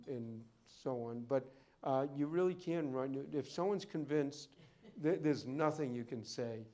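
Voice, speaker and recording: A man's voice: on the high side, darkish tone. A man who deals in and appraises rare books, telling rambling anecdotes at a library talk. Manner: rambling storyteller, goes off on tangents. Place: library event room.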